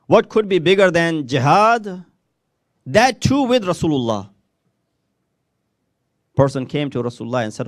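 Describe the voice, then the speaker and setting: Male preacher, lively and slightly high, dry close sound, recites Arabic, acts out dialogue. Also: dry recording. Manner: rises sharply in pitch for rhetorical questions. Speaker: speaker at a Muharram majlis. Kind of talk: sermon.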